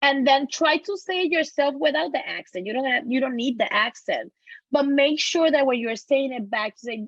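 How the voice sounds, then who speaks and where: A woman presents on a webinar and explains her answer earnestly. Her pitch is a little high. The audio is dry and somewhat dull and lo-fi. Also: lively intonation, moderate pace, dry recording. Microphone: video call.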